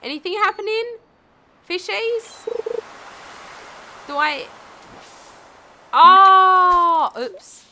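Brief: young woman, let's play host, high bright voice, giggly and excitable. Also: a little slow, long pauses, highs cut off, slight background noise. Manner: giggly, excitable, self-mocking. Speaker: gaming channel host.

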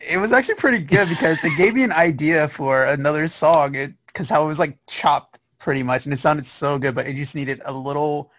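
A man's voice: fairly high pitch, fairly quick, hardly any pauses, fairly bright tone, no room sound. A young man guesting on a casual podcast as a musician, laid-back and often laughing. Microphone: online call.

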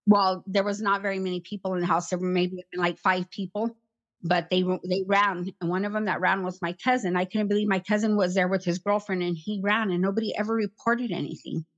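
A middle-aged woman recounting a personal ordeal in an interview, talking plainly and haltingly and repeating herself. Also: medium pitch, little pitch movement. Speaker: interview guest, survivor. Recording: slightly muffled recording.

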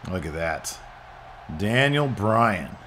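Excitable man calling a wrestling game. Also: slow, a little hiss or hum. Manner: excitable, bursts of loud exclamations then low mutters. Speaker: gaming channel host. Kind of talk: excited play-by-play commentary over a wrestling game.

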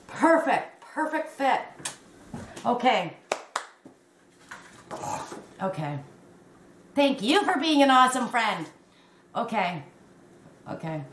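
A woman in her fifties, a crochet vlogger, gushing and exclaiming excitedly as she unboxes a gift on camera. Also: fairly high pitch, unhurried, long pauses. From Canada. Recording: echoey room with faint noise.

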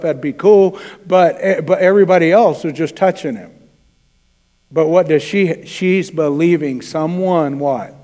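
In a church sanctuary filled with hall reverb, a pastor preaches a sermon in a man's voice that is on the high side and a little mellow. He talks conversationally and acts out quoted dialogue.

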